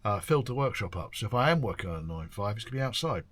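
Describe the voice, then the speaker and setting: An older Englishman with a husky voice chats casually to camera. He rambles between topics with ums and mild swearing, and his voice rises and falls a lot. The sound is dry and close. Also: lowish voice, sing-song, rapid-fire, a bit bright, no echo. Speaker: classic car workshop owner and video host. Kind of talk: casual year-end chat to camera.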